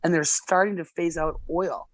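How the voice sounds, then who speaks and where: A woman's voice: lowish voice, steady tone, normal speed, dry recording. Blunt, profane woman telling stories. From Alberta, Canada. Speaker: gas service technician, podcast guest. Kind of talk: casual podcast storytelling.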